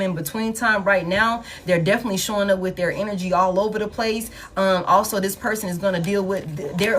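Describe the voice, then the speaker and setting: A woman's voice: mid-range voice, slight background noise. Blunt, cursing woman reading tarot. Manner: blunt, profane, emphatic; repeats phrases for emphasis. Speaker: tarot reader. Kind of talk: collective love tarot reading.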